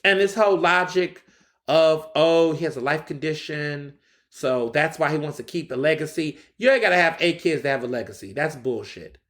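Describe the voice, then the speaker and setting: A man hosting his own podcast, chatting in an animated, slangy way and speaking straight to his listeners. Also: on the high side, normal speed, echoey room. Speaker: podcast host. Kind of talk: casual solo commentary.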